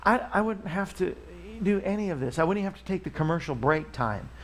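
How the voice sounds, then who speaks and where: A man's voice: high-pitched, animated, a little fast, fairly bright tone. A man hosting a live talk show, chatting casually and rambling as he pleads for donations. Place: Missouri studio.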